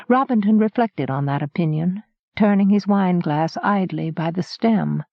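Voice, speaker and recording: A woman narrating an audiobook in a calm, even storytelling manner, on a dull lo-fi recording. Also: lowish voice, moderate pace, vocal fry, no room sound. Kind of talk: scripted narration.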